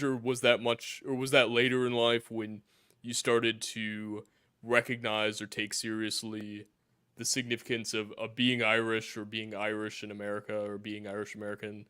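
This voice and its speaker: A man's voice: mid-range voice, flat delivery, normal speed, a bit bright, clear, resonant tone, dry recording, clean studio sound. A man hosting a podcast, asking questions in an upbeat, conversational way. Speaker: host. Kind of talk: casual podcast interviewing.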